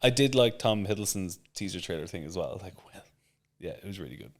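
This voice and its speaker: Guy on a gaming podcast, bit low voice, gets hyped and swears a lot. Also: animated, a little fast. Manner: enthusiastic, swears often, jumps between topics. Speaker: podcast co-host. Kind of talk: casual chat.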